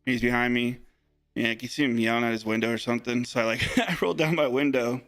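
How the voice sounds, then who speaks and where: A man's voice: mid-range voice, fast, a bit bright, no echo, soft background music. Young man rambling through a story. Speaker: sports card breaker. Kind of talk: casual chat on a live stream.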